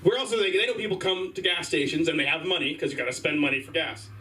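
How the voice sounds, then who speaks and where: A man's voice: on the high side, expressive, sharp tone. Rambling young man doing open-mic stand-up. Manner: rambling, halting, filler-heavy. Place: small comedy stage. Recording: distant mic, faint room noise.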